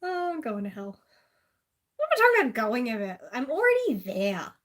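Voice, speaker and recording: A woman's voice: on the high side, sing-song, a little fast, fairly bright tone. A woman with an Australian accent chatting casually and sarcastically on a live stream, laughing often.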